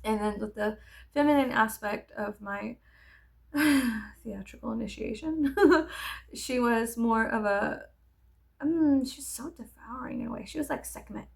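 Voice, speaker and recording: A woman's voice: on the high side, unhurried, creaky. A woman vlogger telling a candid, rambling story in casual get-ready-with-me chat, swearing freely.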